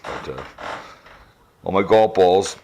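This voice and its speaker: A man's voice: deep voice, lively intonation, slow, creaky, mellow, lo-fi sound, slight background noise. A man from Minnesota rambling casually in a vlog, recorded on a sunglasses camera mic outdoors, with audible heavy breathing and fillers. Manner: rambling, easygoing, trails off with fillers. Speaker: vlogger. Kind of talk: casual product review vlog. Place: outdoors in a backyard.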